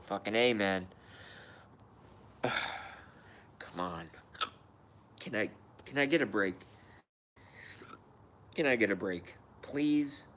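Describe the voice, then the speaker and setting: Male streamer, casual rambling chat, slow delivery, profane and self-mocking. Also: on the low side, lively intonation, fairly bright tone, a little hiss or hum. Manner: profane, self-deprecating grumbling. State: hiccups. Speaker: live streamer.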